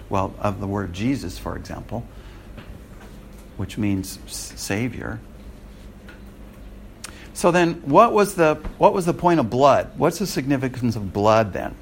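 With a medium-pitched voice, this Bible teacher from the United States lectures his class in a conversational tone, frequently making sure the students keep up. There's a little hiss or hum in the recording.

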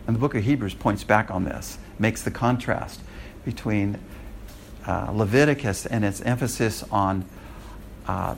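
An American man teaches a Bible class in a low, creaky voice, lecturing conversationally and often checking that his students are following along. A slight hiss or hum is audible.

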